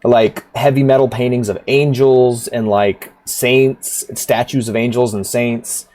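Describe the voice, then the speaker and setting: A man's voice: mid-range voice, fairly even intonation, measured pace, a little mellow. A man streaming a rhythm game, chatting casually in a rambling, profane way, laughing often. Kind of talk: casual livestream chat.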